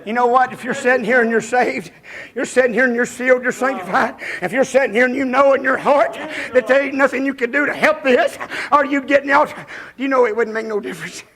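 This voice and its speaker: A man preaching a revival sermon in a folksy way, breaking into shouts and chuckles. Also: extremely high pitch, fairly quick.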